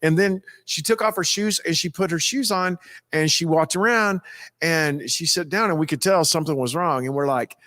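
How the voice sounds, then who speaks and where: Male pastor, casual storyteller, rambling and animated, highish voice, dry recording. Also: moderate pace, no echo. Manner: animated, acts out quoted people with a raised voice; folksy, rambling with restarts.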